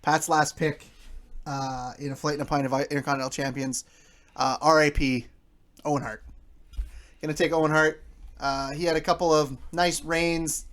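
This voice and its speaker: A man's voice: fairly high pitch, fairly even intonation, moderate pace, pauses often, fairly bright tone. A man co-hosting a podcast, blunt and mocking toward his co-hosts in casual chat. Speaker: podcast co-host.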